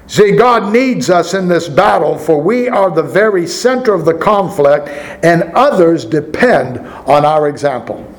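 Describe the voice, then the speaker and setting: A pastor, a man with a notably high-pitched voice, delivers a sermon. He reads scripture aloud and keeps turning to the congregation with rhetorical questions. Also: expressive, unhurried, poor audio.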